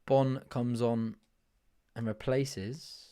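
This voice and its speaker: A man hosts a live football watch-along, describing the match in a casual, chatty way. He gets excitable and laughs often as he breaks off to talk to viewers. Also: medium pitch, drawn-out words, clear, resonant tone.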